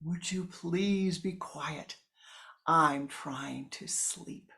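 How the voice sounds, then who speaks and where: A woman voicing an irritated king woken from sleep, complaining loudly and slowly. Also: low voice, vocal fry, heavily acted. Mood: annoyed. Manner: loud, slow, drawn-out complaint.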